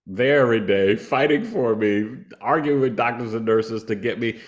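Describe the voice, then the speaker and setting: A man in his fifties, a podcast guest, telling a personal story in a conversational, animated way and laughing now and then. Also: mid-range voice, moderate pace. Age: 50s.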